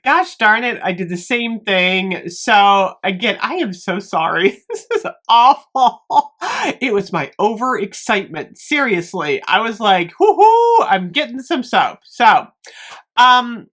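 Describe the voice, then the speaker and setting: Bubbly, bright-voiced woman vlogger. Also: mid-range voice. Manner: bubbly, apologetic, laughs often. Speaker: beauty vlogger. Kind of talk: casual chat to camera.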